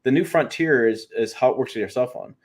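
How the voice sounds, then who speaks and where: A man with a mid-range voice talks at a quick pace as co-host of a truck livestream. He chats casually and rambles, restarting often and using plenty of fillers.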